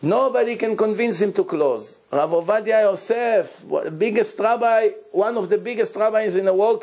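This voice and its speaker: A man, a rabbi telling stories in a lively sermon and acting out the people in them. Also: sits high, gravelly, slightly rough. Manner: animated storyteller, acts out pleading and crying. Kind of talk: storytelling sermon.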